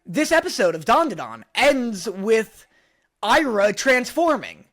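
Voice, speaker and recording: A man co-hosting a casual podcast, playful, whose lines often trail off into low mumbles. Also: very animated, measured pace, fairly bright tone. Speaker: podcast co-host.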